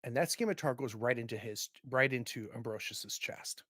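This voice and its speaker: A man narrating a tabletop game as game master, in vivid, animated storytelling. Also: medium pitch, normal speed, no echo, studio quality.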